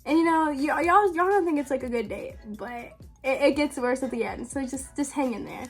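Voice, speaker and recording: A young woman with a high, light voice tells a story straight to her viewers. She talks loosely and casually, sprinkling in "like" and "um" and laughing as she goes. Her tone stays relaxed and conversational throughout. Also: brisk, soft background music. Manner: chatty, full of "like" and "um", laughs often. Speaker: vlogger telling a story.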